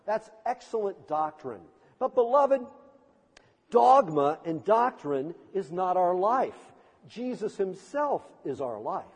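A man's voice: high-pitched, big pitch swings, takes it slowly, breathy edge. A male pastor preaching a sermon with impassioned, emphatic delivery and dramatic swells, heard in a church sanctuary with a long reverb.

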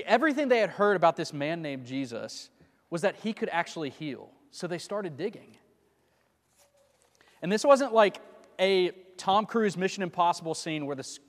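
A man preaching a sermon in a conversational way, often asking his listeners rhetorical questions. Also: a little high. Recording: long reverb of a large hall.

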